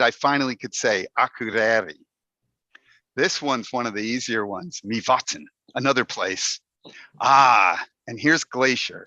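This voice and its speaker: A man's voice: medium pitch, sharp tone, no room sound. A man giving a playful, humorous talk to a Toastmasters club over a video call, putting on mock dismay as he goes. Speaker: Toastmasters speaker. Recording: dull, dry video call audio.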